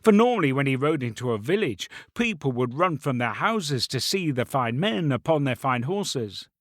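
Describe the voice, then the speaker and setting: A man tells a children's story in a playful, lively way and keeps turning to talk straight to his young listeners. His voice sits at a middle pitch and sounds dry and close, with little room sound. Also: moderate pace, dry recording.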